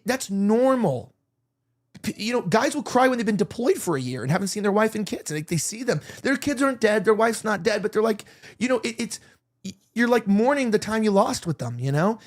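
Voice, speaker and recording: Rambling man hosting a chat show. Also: sits high. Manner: rambling, emotional, with many restarts; provocative joking. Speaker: podcast host. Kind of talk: casual opinion chat.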